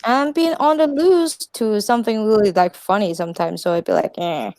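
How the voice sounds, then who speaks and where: Animated woman. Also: mid-range voice, normal speed, no room sound. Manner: animated, laughs often, vents. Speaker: podcast guest. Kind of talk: casual chat.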